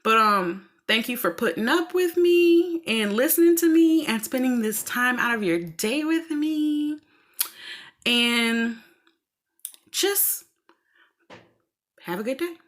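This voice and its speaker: A woman's voice: a little high, lively intonation, slow pace. A woman with a Southern US accent chatting casually and rambling as a vlogger while doing laundry at home. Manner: rambling, chatty, laughs often. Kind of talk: casual chat.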